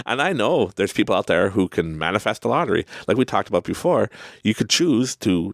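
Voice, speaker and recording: A man with a Canadian accent hosting a podcast, giving an animated, conversational motivational monologue and laughing often. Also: lowish voice, normal speed, gravelly, no echo, clean studio sound. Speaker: podcast host.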